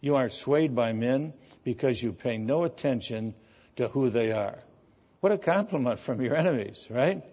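A man's voice: medium pitch, lively intonation, normal speed, a little mellow, slightly rough. Emphatic male preacher, lo-fi recording. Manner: emphatic, quoting scripture with raised voice. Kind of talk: sermon.

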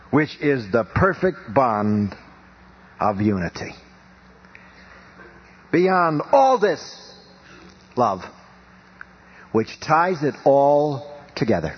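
A middle-aged man preaching a sermon in an emphatic, rhythmic style, rising and falling for effect. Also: husky. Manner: emphatic, rhythmic preaching with wide swings in pitch and volume. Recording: dull lo-fi radio broadcast.

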